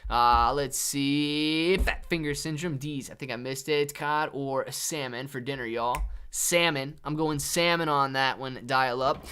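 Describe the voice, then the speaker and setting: A man's voice: mid-range voice, fairly even intonation, unhurried, hardly any pauses, pushed and bright, clear, resonant tone. Laid-back man reading chat on stream. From Ohio, USA. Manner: laid-back, reads chat aloud, calls viewers man and dude. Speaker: livestream trading host. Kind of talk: casual livestream chat.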